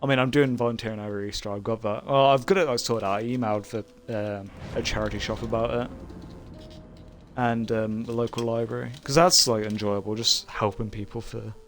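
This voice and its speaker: A man's voice: fairly low pitch, steady tone, brisk, a bit bright. A young man streamer chatting casually while gaming, rambling with lots of fillers and frequent laughter. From Britain. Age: young adult. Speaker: game streamer.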